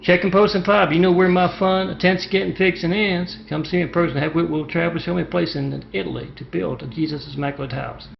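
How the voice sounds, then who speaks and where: A man rambles through a string of stories, jumping between tangents. His voice is gravelly and somewhat high for a man. It comes through a dull, lo-fi phone recording with faint noise behind it. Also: steady tone, quick pace, hardly any pauses. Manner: rambling, digressive. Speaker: storyteller telling parables. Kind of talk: rambling spoken storytelling.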